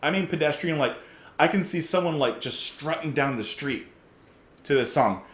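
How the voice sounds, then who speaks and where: Guy doing a chill music reaction, really lively voice, kinda echoey room. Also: a little high, moderate pace. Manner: enthusiastic, chuckles often, thinks aloud with fillers. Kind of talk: casual music reaction commentary.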